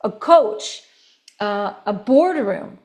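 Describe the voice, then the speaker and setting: A woman voice coach teaching a recorded course, animated, demonstrating tones and laughing between points. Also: extremely slow. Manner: animated, demonstrating each tone with shifts in pitch and volume.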